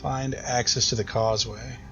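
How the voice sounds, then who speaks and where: A man's voice: mid-range voice, little pitch movement, normal speed, a bit bright, highs cut off, soft background music. An American man thinking aloud and rambling through casual let's-play commentary, with self-deprecating asides. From United States. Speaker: gaming YouTuber.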